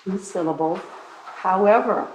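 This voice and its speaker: A woman playing an exacting 1800s schoolteacher who leads a spelling bee, giving firm, deliberate instructions. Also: medium pitch, distant mic, natural voice. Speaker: schoolteacher reenactor. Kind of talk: living-history classroom reenactment. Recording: echoey room from afar, noisy.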